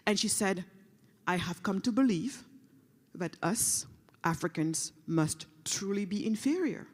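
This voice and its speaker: A woman from Senegal delivers a passionate keynote, storytelling with feeling. Her lines ring through a big hall with a long reverb tail. She sometimes drops to a hushed, soft tone for emphasis. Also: medium pitch, lively intonation, measured pace. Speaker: keynote speaker. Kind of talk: emotional storytelling speech. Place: large conference hall.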